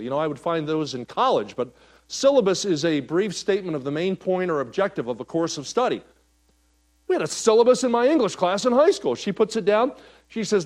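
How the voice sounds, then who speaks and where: A male pastor preaching a sermon, telling stories and swinging between loud, animated passages and soft, quiet ones. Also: high voice, brisk.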